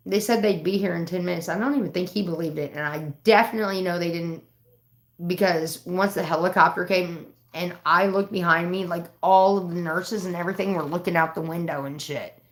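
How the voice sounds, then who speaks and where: A woman's voice: on the low side, fairly quick. A woman hosting a livestream, telling a story in a casual, profane, rambling way. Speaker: livestream host. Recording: roomy echo.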